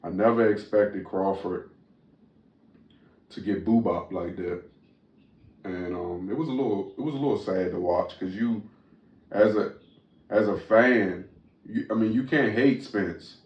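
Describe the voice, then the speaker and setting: A man's voice: lowish voice, measured pace, pauses often. A man hosting a podcast in loose casual chat, talking with frequent fillers and restarts. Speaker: podcast host. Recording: roomy, distant, dull sound.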